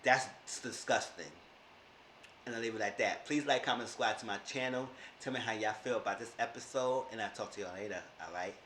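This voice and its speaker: A man in his thirties gives a casual, emphatic recap of a TV episode, growing exasperated and repeating phrases when annoyed. His voice is on the low side, a bit bright and slightly fast, in an echoey room with a little hiss or hum.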